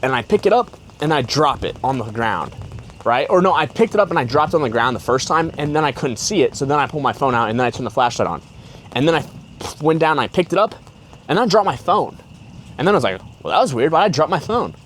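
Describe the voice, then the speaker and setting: Over loud, heavy rain, a young podcast host tells a personal story in a rambling, slangy way, packed with "like" and "bro." His mid-range voice is lively and fast, and the recording quality is low.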